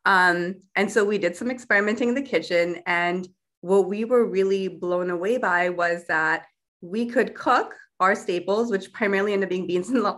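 A young adult woman, a food company founder, chatting as a guest in a casual interview and often filling pauses with um and like. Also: medium pitch, a bit bright. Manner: chatty, many fillers like um and like.

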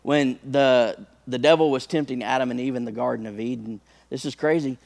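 A man's voice: mid-range voice, brisk, vocal fry, darkish tone. A male preacher delivering a sermon, talking conversationally to the congregation and building to impassioned peaks.

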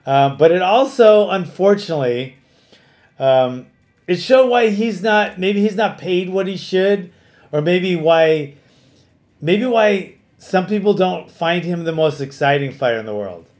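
A middle-aged man hosting a podcast, telling stories in casual chat, animated and full of fillers and restarts. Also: sits high.

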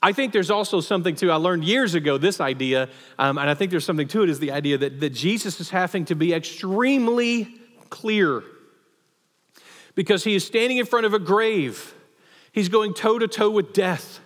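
A man preaching a sermon as pastor, conversational and animated, in a church sanctuary. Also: high-pitched, normal speed. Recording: long hall reverb.

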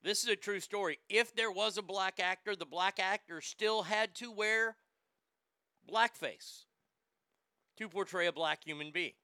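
A man's voice: high voice, a little slow, sharp tone, clean tone, no echo, studio quality. A man hosting a sports show, delivering a profane, ranting monologue and stammering over repeated words.

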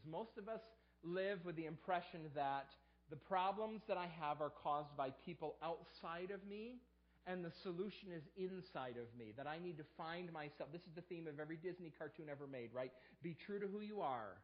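An animated pastor preaches at a fairly quick clip in a slightly high voice, heard through lo-fi sound. He jumps up in pitch to act out the excuses people offer.

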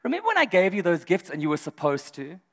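A man doing God as a gentle, questioning father. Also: high-pitched, huge pitch swings, fast talker, big-room sound, pitched below the performer's own voice, full character voice.

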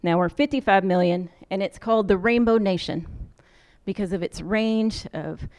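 An American social work professor tells stories from her travels as a social worker in a conversational storytelling lecture. She speaks easily at normal speed and ordinary middle pitch, slipping into lively voices to quote people.

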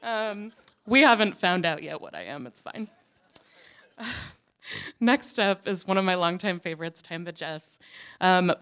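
A woman's voice: lowish voice, clear, resonant tone. A woman hosting a live reading, chatting casually with lots of fillers before introducing the next poet. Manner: chatty, self-deprecating, lots of "um" and "like". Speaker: host of the reading series.

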